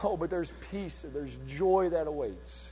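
A man with a high voice preaches a fervent sermon, dropping to a near hush and then surging loud again. He reads scripture aloud in old-fashioned wording. A mains hum sits under the recording. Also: a little slow, husky.

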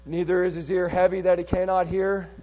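A man preaching a fervent sermon, swinging between hushed and loud passages, and reading scripture aloud in old-fashioned wording. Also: high voice, little pitch movement, fairly quick. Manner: reads scripture in old King James wording.

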